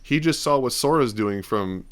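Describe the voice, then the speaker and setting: A man's voice: medium pitch, lively intonation, normal speed. A man hosting a podcast, talking in a casual, rambling way and acting out bits of quoted dialogue. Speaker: podcast host. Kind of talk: casual talk.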